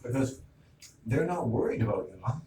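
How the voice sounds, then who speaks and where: A man's voice: mid-range voice, lively intonation, moderate pace. Man, middle-aged, agitated monologue, echoey room, noisy ambience. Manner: agitated, retells arguments with quoted back-and-forth. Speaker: vlogger. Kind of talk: ranting monologue. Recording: roomy, distant mic, noisy ambience.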